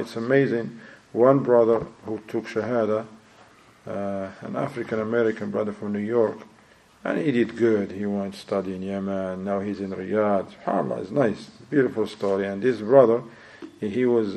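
A man giving an informal sermon, telling a story in an animated way, acting out the people in it and mixing in phrases. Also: on the low side, creaky, low-quality recording. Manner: animated storyteller, acts out quotes, sprinkles Arabic phrases. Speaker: Islamic preacher.

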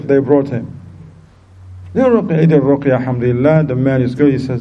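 Animated man telling a moral story. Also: a little fast, lo-fi sound, slight background noise. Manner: animated storyteller, acts out quoted voices in a raised pitch. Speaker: Islamic teacher. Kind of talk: storytelling lesson.

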